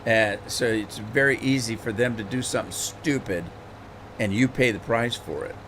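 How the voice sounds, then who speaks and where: A middle-aged man with a lowish voice talks at normal speed against background noise. Hosting a game livestream, he chats casually and rambles as he plays, repeating words while he thinks.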